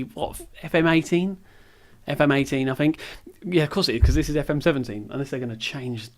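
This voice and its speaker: Chatty young man, slightly high voice. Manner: chatty, rambling, self-deprecating asides. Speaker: gaming video creator. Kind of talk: casual let's-play commentary. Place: at home, sitting on the floor. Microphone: camera's built-in mic.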